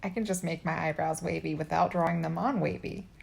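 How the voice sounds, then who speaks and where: Woman, 20s, vlogger, exasperated and profane, phone held at arm's length, slightly low pitch. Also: steady tone, fairly quick, creaky, darkish tone. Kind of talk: casual selfie video chat.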